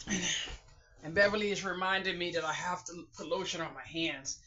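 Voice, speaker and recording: A woman's voice: lowish voice, brisk, pushed and bright, lo-fi sound. A woman vlogger talking to her viewers in a casual, heartfelt way, earnest and emotional, teary and sniffling as she speaks. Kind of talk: casual heartfelt talk to camera.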